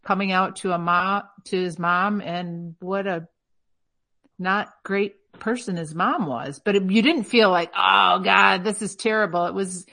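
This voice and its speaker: A woman's voice: lowish voice, measured pace, a bit bright. A woman co-hosting a casual podcast, chatty and telling stories. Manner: chatty, storytelling, recommends things. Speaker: co-host.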